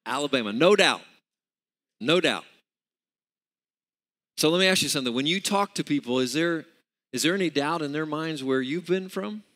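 A man's voice: on the high side, expressive, moderate pace, long pauses, fairly bright tone. A man preaching a sermon with emphatic, repetitive delivery, calling on the congregation to repeat words back. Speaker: pastor. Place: church sanctuary. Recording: long reverb of a large hall.

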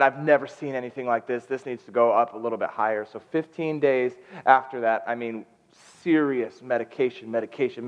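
A young man preaching as a guest, telling a personal story with emotion and animated outbursts. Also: medium pitch. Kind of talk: storytelling sermon. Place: church sanctuary. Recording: dull lo-fi sound with long hall reverb.

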